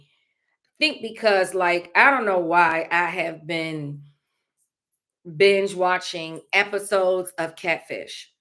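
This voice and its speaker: A woman's voice: fairly low pitch, a bit bright. A woman vlogger talking openly and casually, rambling with many fillers and laughing now and then. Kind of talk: casual heartfelt vlog talk.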